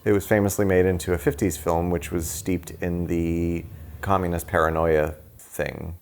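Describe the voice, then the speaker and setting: Male co-host with a very low voice and a dry, teasing wit, for relaxed movie-review chat. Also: moderate pace. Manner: dry, joking delivery. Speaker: podcast co-host.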